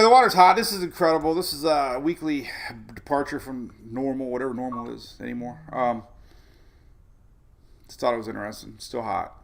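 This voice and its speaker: This livestream host gives a relaxed tropical weather rundown, narrating the on-screen maps and rambling into chatty tangents. He speaks at a medium pitch with a creaky quality.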